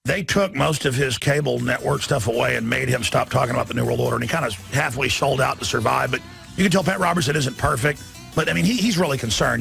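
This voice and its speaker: Gravelly ranting male radio host. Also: mid-range voice. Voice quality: gravelly, husky. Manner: combative, mocking, rising to shouts. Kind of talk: ranting monologue.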